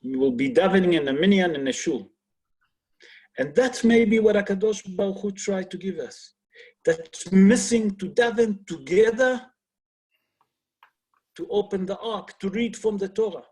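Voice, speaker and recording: A man's voice: high-pitched, a little slow, long pauses, darkish tone, slightly rough. A man who is a rabbi teaching an online class over a video call. He talks earnestly, asks rhetorical questions and uses non-native English grammar.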